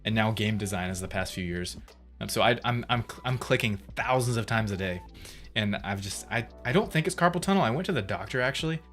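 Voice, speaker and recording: A man's voice: on the low side, animated, brisk, a bit bright. A man in his thirties chatting casually on a livestream, rambling, laughing often and reading chat aloud. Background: faint music.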